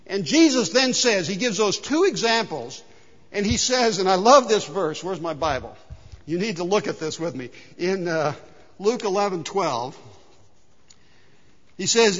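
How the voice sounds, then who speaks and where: A male pastor preaches in a lively, conversational way and keeps drawing in his congregation. His voice runs high and swings widely in pitch. The recording is muffled and trails off in a long church-hall reverb. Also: normal speed. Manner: animated, conversational, engages congregation. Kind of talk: sermon.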